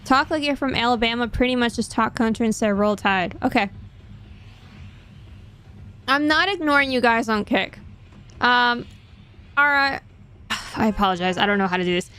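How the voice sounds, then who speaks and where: A woman's voice: on the high side, moderate pace, pauses often, pushed and bright, clean tone. A woman streaming a game, chatting casually with her chat in a rambling, self-deprecating way.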